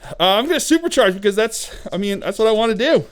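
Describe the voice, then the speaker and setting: A man's voice: animated, fast. A man hosting a tabletop battle report, narrating moves and dice rolls in a playful way and often laughing. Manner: playful, laughs often, puts on silly high voices for miniatures. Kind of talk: casual narrated play-by-play.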